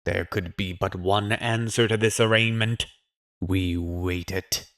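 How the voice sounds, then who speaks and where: A man's voice: low-pitched, fairly even intonation, slow, fairly bright tone, full character voice. A man voicing an old, stern male green Martian chieftain who speaks in a cold, hard voice.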